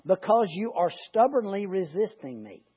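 A man reading the slow, deliberate lines of a stern angel from a Bible story. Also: high voice, very animated, husky, exaggerated voice. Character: stern sword-bearing angel, male. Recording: lo-fi recording.

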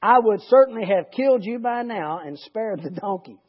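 A man reading the slow, deliberate lines of a stern angel from a Bible story. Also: high-pitched, lively intonation, husky, pitched above the performer's own voice. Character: stern sword-bearing angel, male. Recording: lo-fi recording.

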